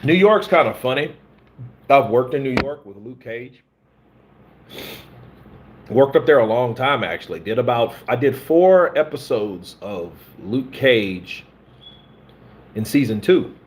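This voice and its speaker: A man's voice: mid-range voice, lively intonation, a little slow, long pauses, slight background noise. A man from the American South, a stunt performer, chatting casually and telling profane, rambling stories. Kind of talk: casual chat.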